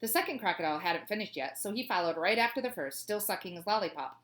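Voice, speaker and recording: A woman's voice: medium pitch, expressive, fast talker, a bit bright. Cheerful woman reading aloud. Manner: cheerful, chatty asides. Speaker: teacher reading a children's book.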